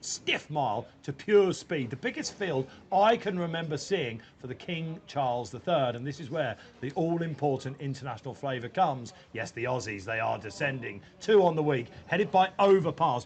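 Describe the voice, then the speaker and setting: A man hosting a racing preview outdoors, briskly quizzing his panel. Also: fairly high pitch. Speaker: host. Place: outdoors at a racecourse.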